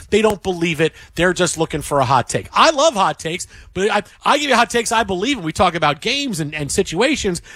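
A man's voice: high-pitched, a bit bright, no room sound. A man hosting sports talk radio, ranting emphatically and repeating himself as he acts out what others say.

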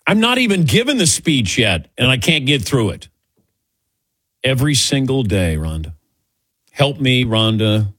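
A middle-aged man who rambles and jokes at his own expense while taking audience questions. His pitch swings a lot and his voice is a little husky. The sound is dry and close. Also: unhurried, long pauses, dry recording. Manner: rambling, self-mocking, animated storytelling. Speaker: guest answering audience questions. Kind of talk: casual Q&A.

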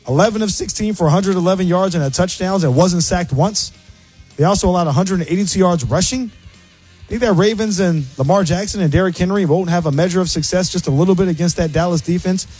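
Male sports radio host, rapid and opinionated, slightly husky, raised pitch. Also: a little mellow. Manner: fast, opinionated game analysis.

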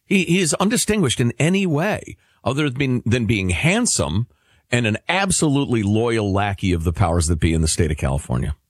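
A man's voice: mid-range voice, expressive, a little fast, husky, no room sound, clean studio sound. A man co-hosting a talk radio show, trading sardonic put-downs about politics.

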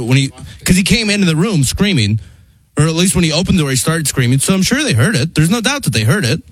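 A man's voice: fairly high pitch, dry recording, low-quality recording. A man on a radio show, bluntly recounting what happened in casual banter. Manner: blunt, matter-of-fact.

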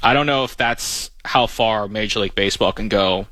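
Male co-host, bright tense tone, measured explanations, dry close recording. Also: lowish voice, no echo. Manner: measured, explanatory, hesitant fillers. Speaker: podcast co-host. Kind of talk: casual sports chat.

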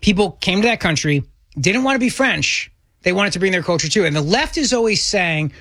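A man's voice: sits high, lively intonation, a little fast, fairly bright tone, no echo. A man hosting a talk radio show, speaking in an enthusiastic, punchy way. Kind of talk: political talk radio chat.

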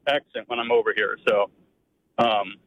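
A man's voice: fairly low pitch, flat delivery, moderate pace. A man from Pennsylvania calling a radio show for the first time, friendly and teasing. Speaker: caller. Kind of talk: casual phone call. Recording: muffled phone line.

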